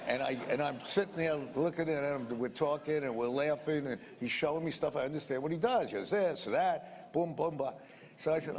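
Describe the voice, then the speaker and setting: A man's voice: medium pitch, darkish tone. An older man being interviewed, telling a rambling story in colloquial speech that repeats sound words. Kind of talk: anecdotal storytelling. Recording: reverberant room with faint noise.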